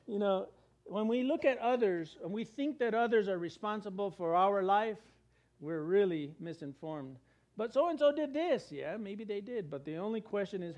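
High-voiced man preaching a conversational sermon. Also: darkish tone. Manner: conversational preaching, asks rhetorical questions and acts out quotes. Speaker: pastor.

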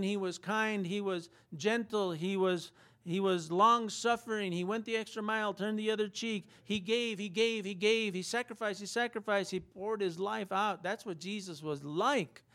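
A man's voice: sits high, a bit bright. A man preaching a sermon in a conversational style, asking rhetorical questions and acting out quotes. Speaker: pastor.

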